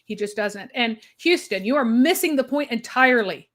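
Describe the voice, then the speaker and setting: A woman co-hosting a live discussion, explaining points emphatically with quick asides. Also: on the high side, lively intonation, a bit bright. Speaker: co-host.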